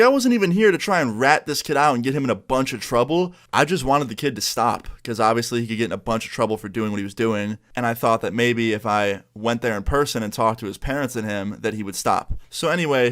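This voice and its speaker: A man's voice: mid-range voice, fairly quick, few pauses. Young man from New York telling a story. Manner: animated, acts out the other people's lines. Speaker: YouTuber. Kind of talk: casual storytime.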